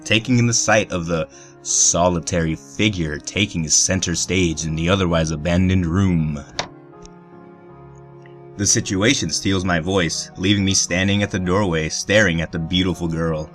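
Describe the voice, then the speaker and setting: Deep-voiced man reading a visual novel aloud. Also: steady tone, moderate pace, soft background music. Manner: crude, joking asides. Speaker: let's player.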